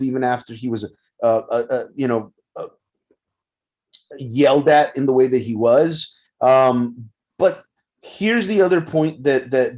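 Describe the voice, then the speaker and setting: This podcast co-host has a mid-range, somewhat dark voice. He's casually and animatedly recounting a story in a relaxed discussion, frequently starting over mid-thought.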